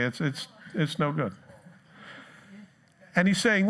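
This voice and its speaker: Lively joking male pastor preaching. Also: on the high side, measured pace, pauses often. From United States. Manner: conversational and joking, with lively retellings. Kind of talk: sermon. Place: church.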